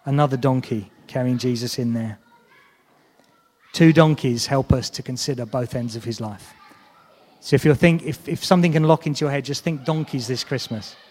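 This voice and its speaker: A man's voice: medium pitch, normal speed, a little mellow. A man preaching a sermon in an earnest, conversational way, often checking in with his listeners. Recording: long hall reverb.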